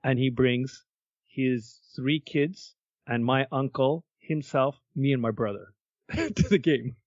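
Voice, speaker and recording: A man co-hosting a podcast, telling stories in a lively way, acting out what people said and swearing casually. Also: medium pitch, slow pace, no room sound, lo-fi sound. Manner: animated storyteller who acts out quotes and swears casually. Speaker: podcast co-host. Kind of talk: casual chat, storytelling.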